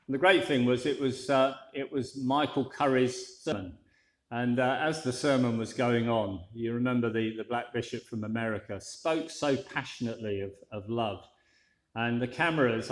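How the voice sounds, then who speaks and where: A man delivers a sermon in a chatty, easygoing way and slips in dry, wry asides. His voice has a middling pitch and rings out in a roomy church echo. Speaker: preacher.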